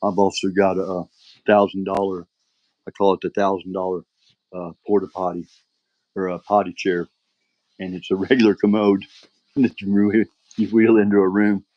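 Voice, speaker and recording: A man's voice: sits low, level tone, moderate pace, long pauses, no echo, dull audio. An older man talks casually to the camera in a rambling, frustrated way, often tossing in "all right". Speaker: vlogger.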